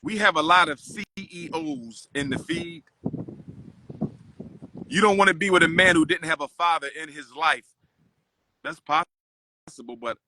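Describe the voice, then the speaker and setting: Casting: bright, slightly high-voiced man, animated street-corner host, dry close sound. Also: vocal fry, no echo. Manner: animated, preachy exhortation. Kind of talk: casual street conversation.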